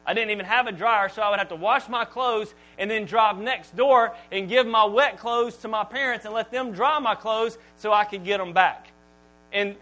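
A man preaches to his congregation in a high, bright-pitched voice. He draws words out slowly, falls almost to a whisper, then bursts out loud. A faint electrical hum runs beneath the recording. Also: poor audio. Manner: dramatic pauses, drops to near-whisper, then booms. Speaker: pastor. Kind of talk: sermon.

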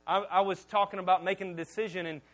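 A man's voice: high voice, fast talker, poor audio. A male pastor preaching a sermon, telling stories with humor and often repeating words as he starts sentences. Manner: animated storytelling with humor.

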